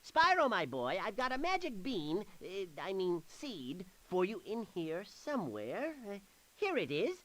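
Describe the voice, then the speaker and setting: A woman's voice: medium pitch, huge pitch swings, measured pace, a bit bright, slight background noise. A woman voicing a kindly, fussy video game character who hands out gifts and gives tips. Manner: friendly, fussy, correcting herself.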